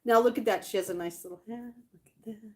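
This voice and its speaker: A middle-aged woman vlogger chatting casually to her viewers, rambling with fillers and doting warmly over old collectibles. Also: fairly high pitch, fast. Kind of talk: casual livestream chat.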